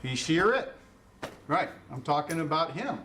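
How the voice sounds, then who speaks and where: A man's voice: fairly high pitch, lively intonation, moderate pace, fairly bright tone, recorded from a distance, a little hiss or hum. A man teaching an introductory Greek class in a conversational lecture style, quizzing students and chuckling at his own puns. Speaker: Greek instructor.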